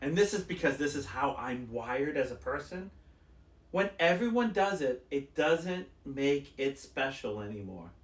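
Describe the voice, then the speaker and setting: In an echoey room, this male podcast co-host speaks at a measured pace with a medium-pitched, animated voice. He's a rambling storyteller in casual conversation, performing the quotes of the people in his stories.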